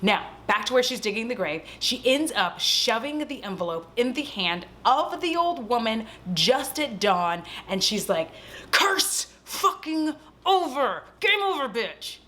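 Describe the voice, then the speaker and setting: A young woman casually recapping a horror film at home, animated and swearing freely as she acts out the characters' lines. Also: fairly high pitch, normal speed, hardly any pauses. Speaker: vlog host.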